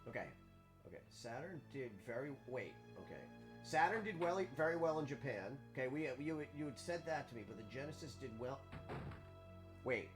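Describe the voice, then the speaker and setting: A man's voice: mid-range voice, expressive, normal speed, music in the background. A man streaming a game live and chatting casually, rambling and restarting his words as he talks. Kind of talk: casual chat while playing a game.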